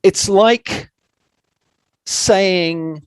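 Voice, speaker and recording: Slow, measured man on a dry mic. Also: high-pitched, clean tone, no room sound. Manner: thoughtful, measured, plain-spoken. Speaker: podcast guest. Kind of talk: conversational interview.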